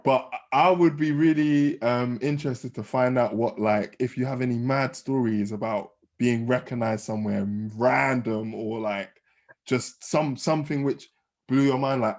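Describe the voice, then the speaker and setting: Chill guy hosting a podcast, slangy, lots of likes and ums, mid pitch. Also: unhurried, darkish tone. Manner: easygoing, slangy, many fillers. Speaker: podcast host. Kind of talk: casual interview chat.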